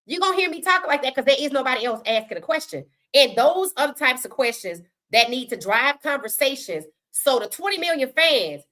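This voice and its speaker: A woman's voice: high voice, bright, forceful tone. A woman hosting a casual sports talk livestream, giving outspoken, colloquial opinions and greeting chat viewers. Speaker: podcast host.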